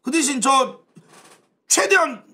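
Male football fan, very high, bright, sharp voice, fast shouty reaction. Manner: rapid, shouty, excited. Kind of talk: excited Korean match reaction.

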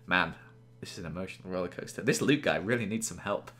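A man reading fan fiction aloud with a friend, joking and laughing often, with dramatic shouted lines. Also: sits low, fast talker, slight background noise. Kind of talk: playful comedic reading with a friend.

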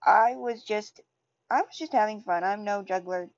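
A woman's voice: medium pitch, moderate pace, no room sound, close to an everyday voice. A woman reading the lines of a clumsy, nervous male cartoon dog, hesitant and with restarts. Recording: dull lo-fi recording.

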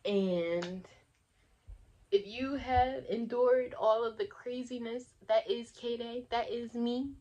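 A woman's voice: a little high, steady tone, slow pace, darkish tone. A young woman vlogging to camera in casual, rambling chat, laughing often and talking with lots of fillers.

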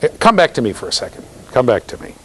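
A man's voice: mid-range voice, fast talker, breathy edge. A man giving a classroom lecture in a conversational way, telling stories, checking in with students and acting out the voices of people he quotes. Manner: animated storyteller, acts out quoted voices. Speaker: university lecturer.

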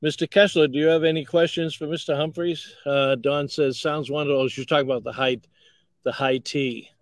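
A man's voice: fairly high pitch, fairly even intonation, a little fast, no room sound, low-quality recording. A man hosting a casual show over a video call, chatty and teasing his guests. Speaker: host. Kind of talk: casual chat.

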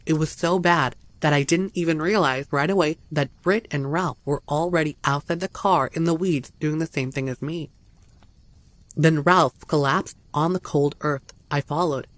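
A man's voice: on the high side, moderate pace, fairly bright tone, no echo. A man reading a first-person horror story aloud as a narrator, tense and dramatic.

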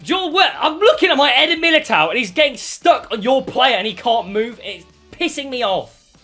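Young male guest player, animated and exasperated, with faint music behind him. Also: very high voice, normal speed. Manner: frustrated, ranting. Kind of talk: casual gameplay chat.

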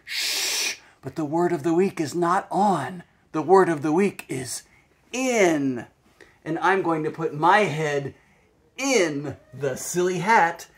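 Male speech therapist for a kids' lesson, home setup, extremely slow and deliberate delivery. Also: on the high side, expressive. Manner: slow, deliberate modeling of single words. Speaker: speech-language pathologist.

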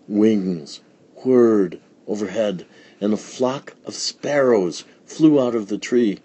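A man reading a children's picture book aloud in a slow, deliberate storytelling manner. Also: lowish voice, warm tone, breathy edge. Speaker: storybook reader.

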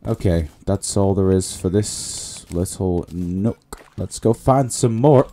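Low, mellow-voiced man narrating his gameplay. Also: slow, few pauses. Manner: muttering running commentary to himself and viewers. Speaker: gaming channel host. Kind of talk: casual let's-play commentary.

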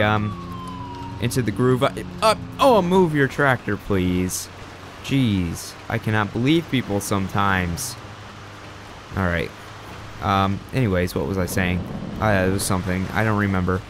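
A young man talks his way through a cop game in loose, rambling commentary, poking fun at his own slips. His voice sits low, and faint game sounds run underneath. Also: a little slow, background noise. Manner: rambling, chatty, self-deprecating. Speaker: gaming channel host. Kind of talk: casual gameplay commentary.

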